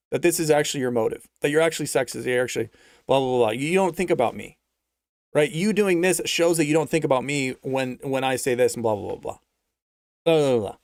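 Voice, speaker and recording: A man hosting a livestream, his voice pitched a touch high and roughened by a gravelly creak. He rambles sarcastically, firing off strings of mock-anxious questions. The sound is dry and close, with no room around it. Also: no echo. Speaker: livestream host. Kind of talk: livestream commentary reading chat.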